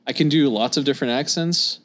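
A man's voice: mid-range voice, fairly quick, a bit bright. A man from Scotland chatting casually as a podcast guest, laid-back, swearing freely and laughing easily.

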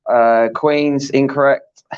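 Halting man co-hosting a live stream. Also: medium pitch, clean tone. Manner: halting, trips over words, reads out lists flatly. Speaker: co-host. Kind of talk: casual live-stream chat. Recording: dull lo-fi stream audio.

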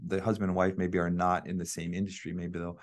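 A man's voice: deep voice, monotone, quick pace. A man hosting a podcast, affirming and encouraging his guest in casual chat. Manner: encouraging, affirming with frequent yeahs. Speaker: podcast host.

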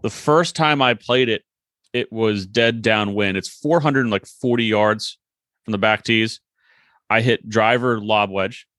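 Low-voiced man, dry close sound. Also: unhurried, fairly bright tone, no echo. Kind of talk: casual storytelling.

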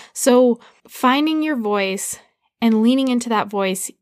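A woman's voice: a little high, fairly even intonation, normal speed, a little mellow, no echo, studio quality. A woman hosting her own podcast, giving business advice in a casual, conversational way with lots of "like". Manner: conversational, frequent "like", upbeat coaching tone. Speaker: podcast host.

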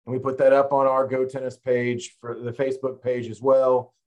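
A man co-hosting a podcast, talking in a loose, relaxed, rambling way. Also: mid-range voice, moderate pace, dull audio. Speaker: podcast co-host. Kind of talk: casual chat.

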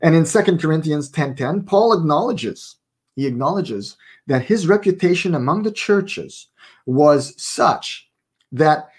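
A man's voice: fairly high pitch, animated, unhurried, slightly rough. A man co-hosting a casual faith podcast, playful and fond of wordplay, telling stories with animation. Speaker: podcast co-host and author.

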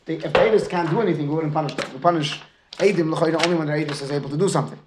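Speaking very fast in a roomy space with background noise, a high-voiced man lectures a Talmud class that includes student questions. His English is sprinkled with Aramaic and Hebrew terms, and he frequently asks his students "right?" to check they're following.

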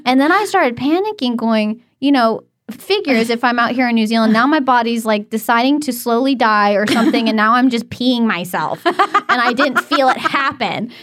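A woman with a fairly high voice tells stories in relaxed chat, animated and quick to giggle. The sound is close and dry, with no room around it. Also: no echo. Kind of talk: casual storytelling chat.

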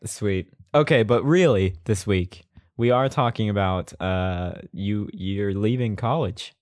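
A man's voice: lowish voice, takes it slowly, a little mellow, no echo, clean studio sound. A young man co-hosting a casual podcast chat, laid-back and rambling. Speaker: podcast co-host.

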